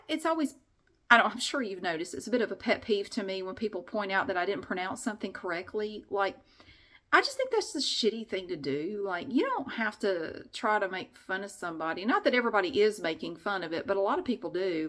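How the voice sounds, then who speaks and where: A woman's voice: medium pitch, sing-song, fairly quick, fairly bright tone. Chatty, rambling middle-aged woman vlogger. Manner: rambling, chatty, frank, with frequent restarts and mild swearing. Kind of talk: casual vlog chat.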